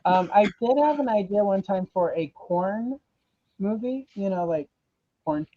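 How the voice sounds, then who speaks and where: A woman's voice: mid-range voice, animated, unhurried, no echo. A woman co-hosting a live stream in casual chat, playful and wisecracking. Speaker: co-host. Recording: muffled lo-fi call audio.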